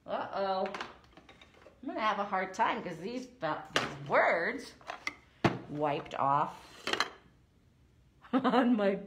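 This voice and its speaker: A woman leading a preschool story time, reciting nursery rhymes slowly and encouragingly in a sing-song way. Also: medium pitch, animated, noisy background. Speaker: children's librarian.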